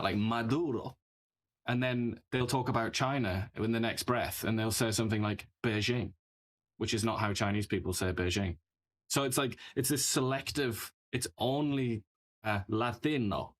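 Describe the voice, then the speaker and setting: A man co-hosts a casual political chat in a mid-pitched voice. He talks loosely and laughs easily between points. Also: a bit bright. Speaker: co-host.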